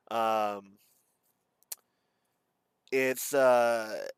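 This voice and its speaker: A young man talking in a casual vlog monologue, rambling and halting, with a slight lisp or slur in his speech. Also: medium pitch, clear, resonant tone, dry recording. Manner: rambling, halting, self-described stutter. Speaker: streamer.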